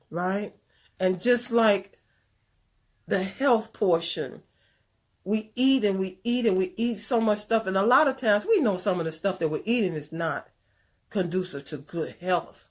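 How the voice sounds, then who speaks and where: A woman telling a personal story in a conversational talk, animated and earnest, drifting into preachy asides. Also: mid-range voice, unhurried. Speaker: speaker sharing a personal story. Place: Chicago area.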